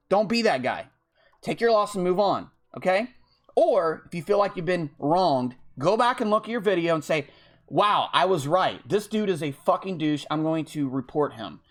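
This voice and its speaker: Blunt, profane man with a higher voice. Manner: repeats "okay?" to drive points home. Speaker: online football video game league commissioner. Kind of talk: casual unscripted monologue.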